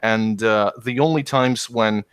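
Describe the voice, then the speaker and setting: A man co-hosting a podcast, making long, animated political arguments in casual discussion. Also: lowish voice, a little slow, a loud crowd. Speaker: podcast co-host.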